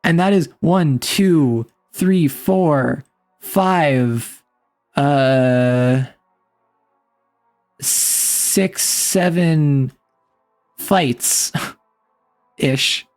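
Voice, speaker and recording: A woman's voice: low voice, drawn-out words, pauses often, darkish tone, soft background music. A woman streamer chatting casually and playfully with her chat, laughing often. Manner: playful, giggly, teasing.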